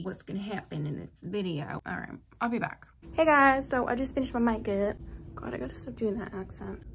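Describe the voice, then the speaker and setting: A woman's voice: mid-range voice, slight background noise. Chatty teen girl with put-on Southern twang. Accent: put-on Southern US country. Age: teens. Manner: chatty, rambling, self-deprecating. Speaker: vlogger. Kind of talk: casual vlog while doing makeup.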